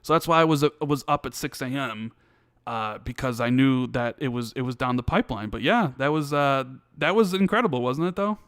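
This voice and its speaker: A man co-hosting a casual gaming podcast, telling stories with lively acted-out dialogue and many restarts. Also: medium pitch, fairly quick, smooth, no room sound, studio quality. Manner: animated storytelling, acts out quoted dialogue. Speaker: podcast co-host. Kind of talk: casual chat.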